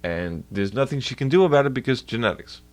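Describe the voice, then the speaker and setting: A man's voice: medium pitch, lively intonation, quick pace. A man livestreaming and ranting in a heated, profane way to his chat. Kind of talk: casual livestream rant.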